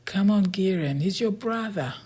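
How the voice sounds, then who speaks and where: A calm boy genius who explains things matter-of-factly, as a breathy narrator voices him. The reading is husky and often half-whispered. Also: mid-range voice, moderate pace, voice pushed up. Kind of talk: storybook character voice.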